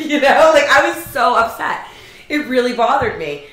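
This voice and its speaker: A woman co-hosting a casual podcast, telling lively stories about customers, swearing and laughing as she talks. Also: a little high, brisk, very noisy. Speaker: podcast co-host. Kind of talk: casual storytelling chat. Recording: very echoey room.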